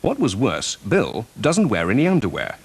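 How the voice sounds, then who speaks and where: A man with a husky, lively voice, reading a passage aloud in a dry storytelling manner. His pitch rises and falls as he reads. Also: moderate pace.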